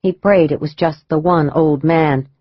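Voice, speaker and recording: A woman narrating a thriller audiobook in a measured, even storytelling manner. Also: low voice, no echo, dull audio.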